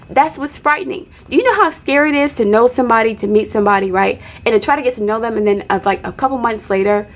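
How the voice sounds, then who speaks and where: A woman hosting her own channel, giving blunt, animated commentary on a reality show, with sudden sharp high exclamations. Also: quick pace.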